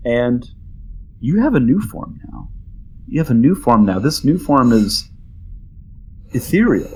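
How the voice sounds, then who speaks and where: A man's voice: medium pitch, very animated, unhurried, darkish tone, slight background noise. A man narrating as the game master of a tabletop role-playing game, speaking casually with many fillers and building drama.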